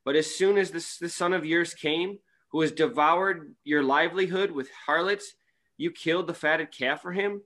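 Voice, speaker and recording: A man's voice: fairly high pitch, moderate pace, a bit bright. Man reading scripture aloud steadily. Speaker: scripture reader.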